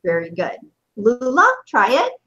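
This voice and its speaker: A woman's voice: medium pitch, big pitch swings, pushed and bright. Patient woman teaching Arabic, muffled audio. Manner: patient, encouraging, repeats phrases slowly. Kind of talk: teaching a beginner language lesson.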